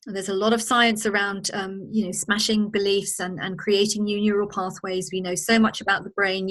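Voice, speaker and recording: A woman's voice: mid-range voice, fairly bright tone. A woman presenting a spoken lesson in a conversational way, briefly acting out the reactions she describes. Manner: conversational, acts out quoted reactions. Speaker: presenter of a training course. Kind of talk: spoken lesson on emotional intelligence.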